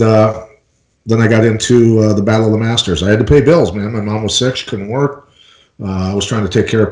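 Middle-aged man, from Iowa, interview guest, rambling storytelling, echoey room. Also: lowish voice. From Iowa, United States. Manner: relaxed, rambling, many fillers and restarts. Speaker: interview guest, former fighter.

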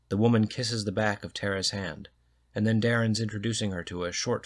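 Measured male narrator reading a story, lower register. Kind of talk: audiobook reading of a short story.

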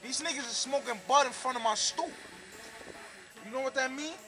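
A man's voice: very high voice, normal speed, rough recording. A man boasting and trash-talking to a handheld camcorder outdoors in front of his building. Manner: brash, cocky, trash-talking. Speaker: featured guest boasting on camera. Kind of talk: profane street boasting to camera. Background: music.

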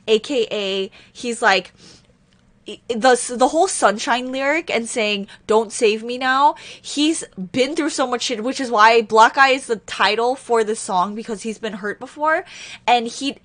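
A woman's voice: on the high side, fairly bright tone. A woman hosting a reaction video, talking in a rambling, distressed way as she explains a song. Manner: distressed, rambling, talks fast. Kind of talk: casual reaction commentary.

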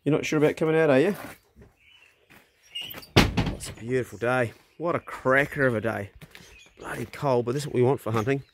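Speaking at a normal speed with long pauses, this middle-aged man has a mid-range voice, and background noise is audible. He's a hunter who vlogs, talking casually to his phone camera on a rural property outdoors. He's blunt and easygoing, swears mildly, and frequently coaxes his dogs with a raised voice.

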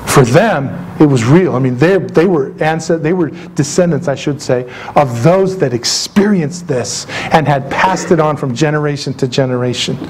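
A man preaching a sermon as pastor, emphatic and animated, with asides and jokes to his congregation. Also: fairly high pitch, moderate pace, hardly any pauses, slight background noise, low-quality recording. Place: church sanctuary.

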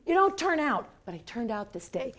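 Lecture speaker, woman, 50s, lively storyteller acting out quotes, slightly high voice. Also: fairly quick. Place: lecture hall.

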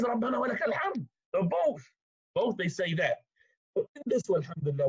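A man teaching a religious lesson in an animated way, rising sharply in pitch to stress points, with frequent restarts. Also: husky. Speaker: Islamic teacher. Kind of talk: religious lecture. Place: mosque lecture room. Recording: muffled lo-fi recording.

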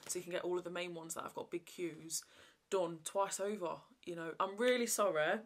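A woman's voice: lowish voice, steady tone, fairly quick. A woman, chatting casually to camera in a rambling way, full of fillers. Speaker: vlogger.

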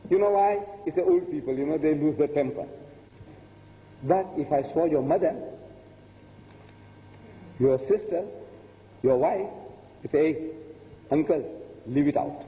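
A man's voice: a little high, measured pace, pauses often. An older man giving a religious lecture, talking emphatically, repeating his points and asking the audience rhetorical questions. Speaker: preacher. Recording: tinny phone-like audio in a long-reverb hall.

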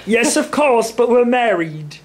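A man's voice: very high-pitched, very animated, a little slow, exaggerated voice. A man voicing a boastful, pompous villager with a sword who pretends to be a prince, in a comedy skit. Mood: smarmy. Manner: pompous, fake old-fashioned speech.

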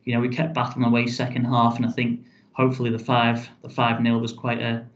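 A man speaks as a guest on a podcast, recounting events casually in a fairly level, even tone. He rambles and restarts his phrases, filling gaps with "um" and "you know". The audio is dull and lo-fi. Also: mid-range voice, a little fast. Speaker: football club chief executive. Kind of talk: casual storytelling in a podcast interview.

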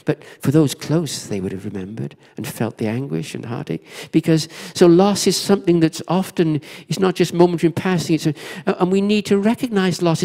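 A man's voice: on the high side, vocal fry, dark tone. Earnest male preacher in a reverberant hall. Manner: storytelling preacher, earnest and reflective. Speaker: pastor. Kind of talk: sermon. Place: church.

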